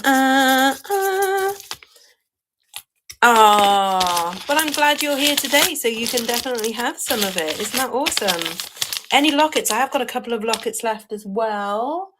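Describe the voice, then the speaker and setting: A woman's voice: mid-range voice, a bit bright. A woman from Wales with a Welsh accent, chatting casually while selling jewellery on a live stream and greeting viewers.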